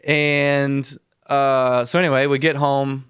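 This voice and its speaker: A middle-aged man chatting on a podcast, voice at a typical pitch for a man. He tells stories with energy and acts out his own lines. The sound is close and dry with no room echo. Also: level tone, normal speed, a bit bright, smooth. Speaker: podcast guest. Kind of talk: casual chat.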